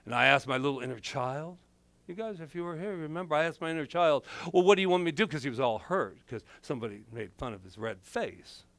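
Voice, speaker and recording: A middle-aged man and minister giving a playful, animated sermon full of personal stories. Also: medium pitch, brisk, no room sound. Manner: animated, playful, acts out quotes.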